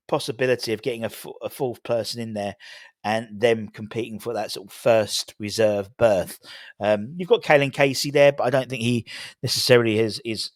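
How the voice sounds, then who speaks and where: A man talks casually through football transfer news, rambling and restarting his sentences as he goes. His voice sits at an ordinary middle pitch and sounds dry, close to the mic, with little room sound. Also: no room sound. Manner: rambling, many fillers and restarts. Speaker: football fan channel host.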